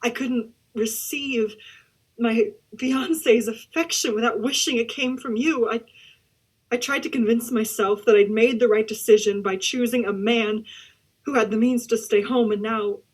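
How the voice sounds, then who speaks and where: A woman acting a grieving young woman making a hushed, tearful confession in a letter. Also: on the high side, steady tone, a little slow, slightly rough. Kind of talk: theatre monologue over video call.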